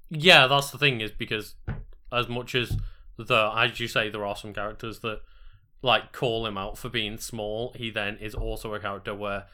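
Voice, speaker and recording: A man chatting casually as a podcast co-host, relaxed, agreeable and sweary. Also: fairly low pitch, moderate pace. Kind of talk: casual chat.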